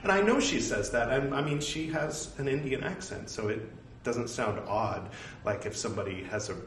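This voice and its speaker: A man's voice: mid-range voice, normal speed, a bit bright, echoey room, far from the mic, slight background noise. A man with a Californian American accent, talking in a rambling, jokey, self-deprecating way as host of a reading series. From California, United States. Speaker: host reading a religious text. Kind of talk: casual spoken aside.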